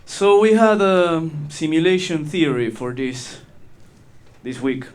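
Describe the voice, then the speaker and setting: A man's voice: a little high, expressive, takes it slowly, a little mellow, clean tone. A man from Peru with a Spanish accent performing a crude, rambling stand-up set. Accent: Peruvian Spanish. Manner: crude, rambling, self-mocking. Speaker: stand-up comedian.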